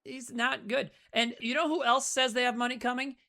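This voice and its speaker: A woman with a voice on the high side, speaking at normal speed, co-hosts a podcast. She recaps a movie in casual, profane chat, animated and full of acted-out quotes.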